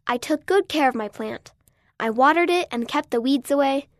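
A woman's voice: high voice, normal speed, dry recording, studio quality. A woman earnestly reading a children's magazine story aloud. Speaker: reader.

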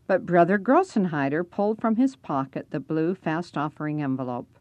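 A woman's voice: deep voice, moderate pace, darkish tone, no echo. A woman narrating a first-person story aloud, reading expressively.

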